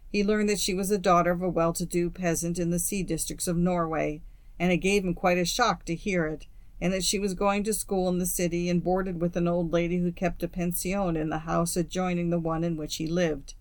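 A woman reading a classic story aloud as an audiobook narrator, in a steady, measured way. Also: fairly low pitch, no room sound. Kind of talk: scripted narration.

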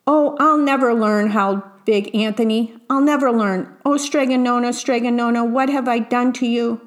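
A bumbling young apprentice who pleads and begs , voiced by a woman reading a storybook. The voice sits a little higher than her own and runs eager and earnest. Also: fairly even intonation, normal speed, close to an everyday voice. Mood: pleading. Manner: eager, pleading, then tearful. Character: clumsy young man disguised as a girl.

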